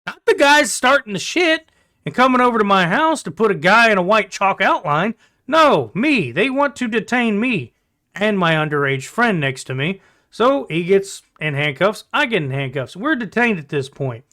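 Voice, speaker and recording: Male vlogger, casual storyteller, high and bright, blunt and profane. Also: sing-song, normal speed.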